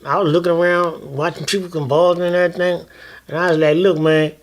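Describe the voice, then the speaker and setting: Older man, animated fatherly storyteller. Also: high-pitched, fast. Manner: animated storyteller, peppers speech with "man" and "you know"; acts out other people's voices in his stories. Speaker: father telling his life story. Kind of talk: casual storytelling conversation.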